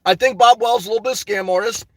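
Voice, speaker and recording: A man's voice: high-pitched, racing, dry recording. A man venting and telling stories to his viewers in a rambling, casual monologue, often calling them "guys.". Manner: rambling, storytelling, frequent "guys" asides and laughs. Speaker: YouTuber.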